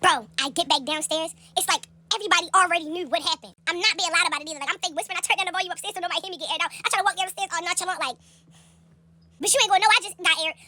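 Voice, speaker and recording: A young woman telling a story in a casual, animated, profane way, acting out the people in it in a high voice, recorded on a phone held close. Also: racing, hardly any pauses.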